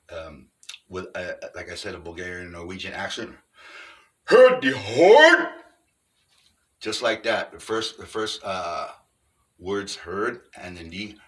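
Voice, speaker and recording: A middle-aged man in an unscripted monologue, explaining things earnestly step by step in a halting way. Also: low voice, fairly bright tone, distant mic. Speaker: vlogger on Sasquatch encounters.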